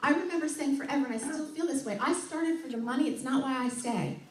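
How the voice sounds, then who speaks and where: A woman's voice: sits high, fast. A woman giving an enthusiastic sales training talk to a group, acting out customer dialogue and laughing often. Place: meeting room with audience. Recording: echoey room from a distance.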